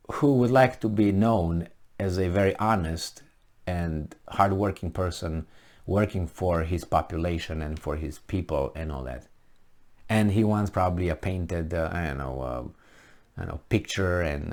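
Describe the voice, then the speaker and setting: A man giving ranting commentary on a news article, sarcastic, mocking and exasperated. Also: deep voice. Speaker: political commentator.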